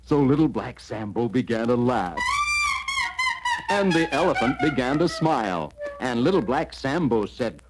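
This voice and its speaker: A man narrating a children's storybook record in an animated, storytelling manner. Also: mid-range voice, normal speed, breathy edge.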